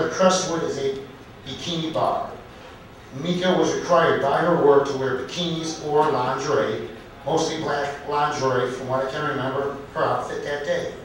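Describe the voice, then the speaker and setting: A man at an open mic night in a comedy club, telling a story in a halting, deliberate way and correcting himself as he goes. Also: on the high side, a little hiss or hum. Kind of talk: storytelling stand-up set. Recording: echoey club recorded from far off.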